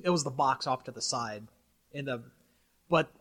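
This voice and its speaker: A man hosting a casual podcast chat, animated and often stumbling and repeating his words. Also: mid-range voice, moderate pace. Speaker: podcast host.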